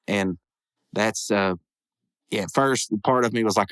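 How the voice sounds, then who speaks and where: A man's voice: on the low side, moderate pace, no echo. A man hosting a podcast, casually reviewing a cartoon episode, rambling with lots of restarts and self-corrections. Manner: enthusiastic, animated retelling.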